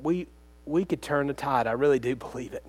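A man's voice: mid-range voice, fairly quick. A man preaching a sermon as pastor, speaking earnestly and conversationally, often turning to the congregation with direct questions.

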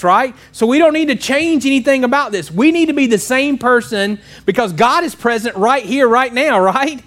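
A man's voice: extremely high pitch, fairly bright tone. A man preaching a sermon to his congregation in a church, talking conversationally and often checking in with questions.

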